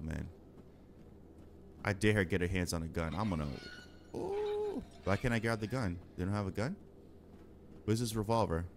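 A man playing a horror game on his channel, trash-talking and reacting loudly in slangy casual commentary over game sound. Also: sits low, a little hiss or hum. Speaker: gaming channel host. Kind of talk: casual let's-play commentary.

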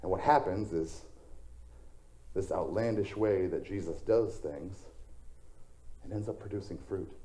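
A man's voice: deep voice, a little slow, long pauses, mellow. A male pastor preaching a sermon in a conversational storytelling way, slipping in self-deprecating jokes.

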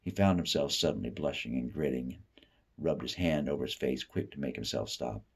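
A man from the Appalachian South giving a steady, unhurried literary reading of a short story. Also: very deep voice, creaky, slightly rough. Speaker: author reading fiction.

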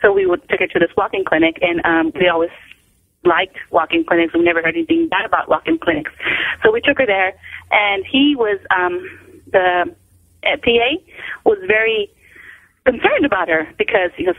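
A woman's voice: mid-range voice, big pitch swings, moderate pace, creaky, dry recording. A middle-aged woman on the phone as an interview guest, telling a family story in a rambling way, restarting her sentences. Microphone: telephone. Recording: tinny phone line.

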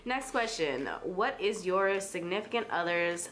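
A woman's voice: on the low side, lively intonation, a bit bright. A woman vlogger reading out questions in a casual couple's tag video, giggling often. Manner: giggly, quick to laugh.

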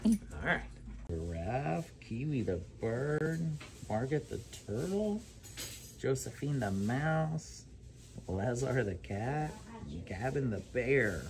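A man, a father home from deployment, talking softly and fondly to his toddler and dogs in a home video. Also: mid-range voice, big pitch swings, slow, a little hiss or hum. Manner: doting, soft-spoken with family and dogs. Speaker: returning soldier father. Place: family home, indoors.

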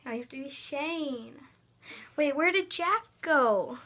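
A woman's voice: high-pitched, animated, slow pace, fairly bright tone. A woman making a casual, goofy home video, giggly and bossy with her sibling. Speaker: vlogger. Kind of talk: casual chat.

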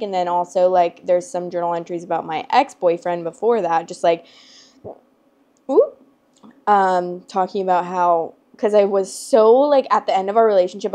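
A young adult woman hosting her storytime channel, talking in a chatty, rambling, emotional way with lots of "like" fillers. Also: on the low side. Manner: chatty and rambling, heavy use of "like"; emotional and expressive. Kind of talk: casual chat to camera.

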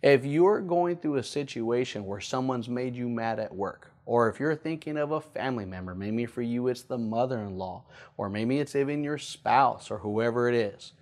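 A male pastor teaching a sermon, often repeating key points and slowing down to stress them. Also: mid-range voice, darkish tone.

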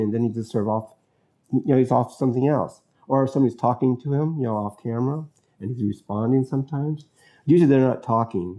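Male host, low and mellow, casual rambling film talk full of "you know"s. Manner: musing, loose and rambling, many fillers and restarts. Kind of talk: casual talk about films.

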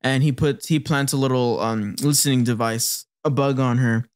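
A man's voice: mid-range voice, moderate pace, clear, resonant tone. A man co-hosting a podcast, chatting casually and recapping an anime, laughing often and acting out character lines. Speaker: podcast co-host.

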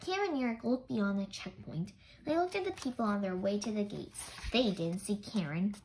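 A woman reading a children's chapter book aloud in an expressive storytelling manner. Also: mid-range voice, normal speed, poor audio. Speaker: storybook reader.

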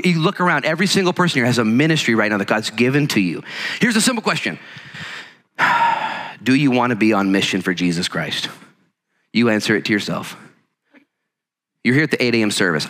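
A man preaching a sermon as pastor to a church congregation, energetic and conversational, acting out quotes as he goes. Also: fairly low pitch. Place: church sanctuary. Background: congregation present.

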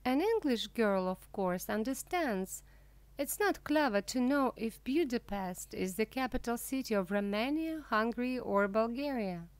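Female reader for a learner audiobook: slightly high voice, very measured pace, clear articulation. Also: lively intonation, no room sound. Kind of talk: slow scripted reading for language learners.

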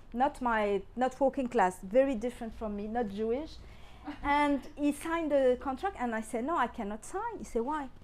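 A middle-aged woman with a French accent, French her first language, telling anecdotes to an audience in a lively way, acting out dialogue and laughing often. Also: fairly high pitch. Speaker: guest speaker.

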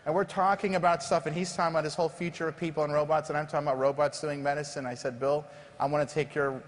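Man telling stories on a hall stage. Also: fairly high pitch. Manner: animated, self-deprecating anecdotes. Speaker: company founder, guest. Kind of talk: on-stage interview storytelling. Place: large conference stage before an audience. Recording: long reverb of a large hall.

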